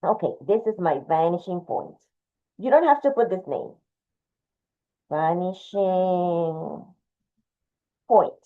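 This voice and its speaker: She has a fairly low, sing-song voice and speaks at a normal pace, sketching while she teaches. The recording sounds tinny, like a phone, as the woman patiently leads viewers through the drawing one step at a time.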